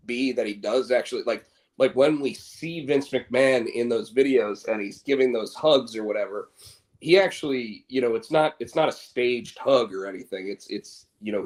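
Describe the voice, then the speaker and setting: A man co-hosting a podcast, chatting casually and rambling with many restarts. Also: medium pitch. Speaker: podcast co-host. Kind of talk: casual chat.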